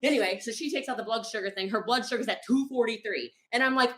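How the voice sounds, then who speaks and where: A woman leading a retreat tells a story in an animated, exasperated way, swearing freely. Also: mid-range voice, fast. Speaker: retreat leader. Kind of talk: anecdotal storytelling. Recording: roomy echo.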